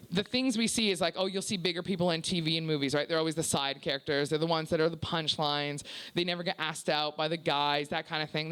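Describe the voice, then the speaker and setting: A young woman doing a stand-up comedy set, confessional and profane, full of "like" fillers and acted-out quotes. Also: on the low side. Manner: acts out quoted people in shifted voices.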